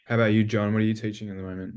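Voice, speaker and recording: Low-voiced earnest male emcee. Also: flat delivery, racing, a little mellow, smooth. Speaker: master of ceremonies. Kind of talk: formal welcome and acknowledgment on a video call.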